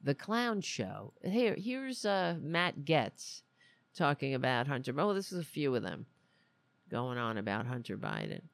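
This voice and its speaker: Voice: mid-range voice, a little slow, gravelly, dry recording. A political commentary host speaking casually and with indignation, stopping often to restart a thought. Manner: animated, indignant, many restarts and asides.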